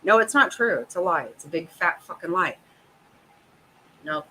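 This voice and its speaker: A woman's voice: fairly low pitch, expressive, moderate pace, bright, forceful tone, slight background noise, poor audio. A middle-aged woman hosting a casual chat, profane and exasperated, laughing often. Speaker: host.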